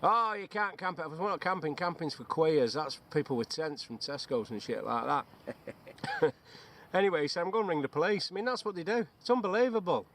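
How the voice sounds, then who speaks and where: A man's voice: expressive, a little fast, a little hiss or hum. A man with a Runcorn accent, a veteran joking and swearing freely in casual banter outdoors in the woods. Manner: joking, swears freely, bursts into high silly chants. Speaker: bushcraft veteran. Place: outdoors in woodland.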